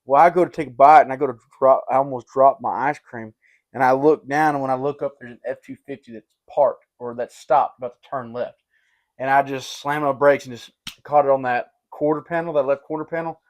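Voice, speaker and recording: A young man with a drawl spins a story for his podcast friends. He rambles, leans on "like" and "dude", and gets animated as the tale builds. His voice sits at an everyday middle pitch. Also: brisk. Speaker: podcast host. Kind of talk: casual storytelling chat.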